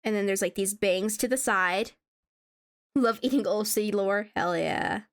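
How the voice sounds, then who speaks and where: A woman's voice: medium pitch, a little slow. A woman streamer chatting casually to her viewers while she draws, laughing often and humming along to music. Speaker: VTuber streamer. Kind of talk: casual live-stream chat while drawing.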